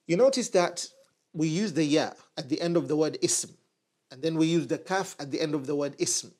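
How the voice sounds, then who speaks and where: A man teaching Arabic online works at a whiteboard, going over phrases slowly and repeatedly with patience for those learning. He speaks in a somewhat high voice.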